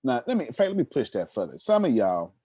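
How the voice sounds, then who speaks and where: A man in his thirties, a motivational speaker telling stories to an audience, animated and addressing the listeners directly with a teasing tone. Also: mid-range voice, fast talker, husky, no room sound, clean studio sound. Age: 30s. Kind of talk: storytelling talk to an audience.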